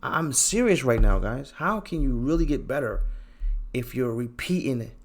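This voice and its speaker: Animated, teasing male trading host. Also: mid-range voice, moderate pace. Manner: animated and teasing, slangy, repeats himself for emphasis. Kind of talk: casual chart commentary to viewers.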